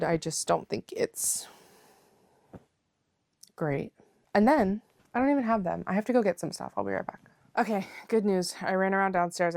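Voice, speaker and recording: At home, a knitting vlogger chats casually and playfully, rambling with lots of filler words and calling her viewers besties. She speaks at normal speed with frequent pauses in a medium-pitched, darkish voice, recorded as clean studio sound with no room tone.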